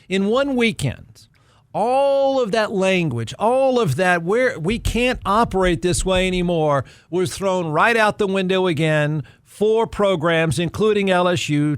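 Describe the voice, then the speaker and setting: A man's voice: high voice, dry recording. A middle-aged man hosting a sports podcast, delivering snarky, sarcastic commentary. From Texas. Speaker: podcast host.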